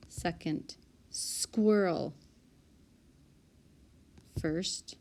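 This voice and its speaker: A woman teacher calmly and methodically working through a spelling list for small reading groups, correcting herself aloud now and then. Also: medium pitch, drawn-out words, long pauses. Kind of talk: recorded spelling lesson walkthrough. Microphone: tablet microphone.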